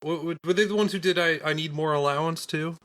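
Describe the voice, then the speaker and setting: A man's voice: a little high, fairly even intonation, quick pace, a bit bright. A man co-hosting a talk show, chiming in casually with short remarks. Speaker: podcast co-host. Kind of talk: casual chat.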